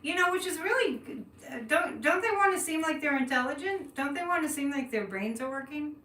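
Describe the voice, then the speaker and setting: A woman's voice: sits high, expressive, a little fast, pushed and bright. Chatty psychic woman in echoey room. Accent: light Boston. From Boston area. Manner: chatty, laughs often, thinks aloud. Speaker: psychic reading cards on a livestream. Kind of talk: live-stream chat with viewers. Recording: echoey room, distant mic, faint noise.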